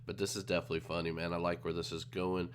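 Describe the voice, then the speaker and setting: A man's voice: low voice, racing, a little hiss or hum. A man hosting a reaction video, chatting casually to his viewers between clips. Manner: relaxed, chatty asides to viewers. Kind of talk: casual commentary.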